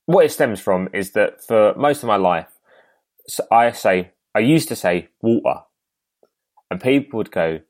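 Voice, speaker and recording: A man's voice: lowish voice, lively intonation, moderate pace. A man in his twenties with a southeast English accent, hosting a podcast in casual, rambling chat. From Kent, England. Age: 20s. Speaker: podcast host.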